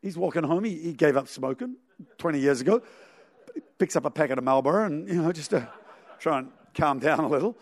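A man's voice: on the high side, lively intonation, a little fast, dry recording. A man preaching a sermon, telling a story animatedly with sound effects and chuckles.

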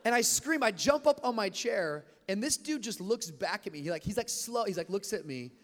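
Young male pastor, high-pitched, animated sermon storyteller in a reverberant hall. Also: normal speed. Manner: energetic storytelling, rising to shouts. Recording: long reverb of a large hall.

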